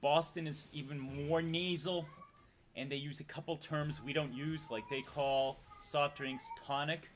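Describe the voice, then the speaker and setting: A man's voice: fairly high pitch, steady tone, a little slow, a crowd in the background. A man from Massachusetts with a Massachusetts accent, playfully chatting on a livestream and reading donations aloud. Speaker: livestream co-host. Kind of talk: casual livestream chat.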